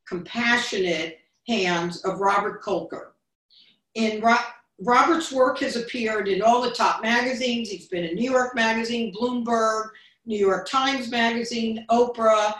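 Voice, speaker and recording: A woman's voice: on the high side, unhurried, a bit bright. A woman hosting a bookstore author interview, reading a prepared introduction and then asking questions. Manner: reads a scripted introduction, then asks questions. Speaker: bookstore event host. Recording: echoey room, distant mic.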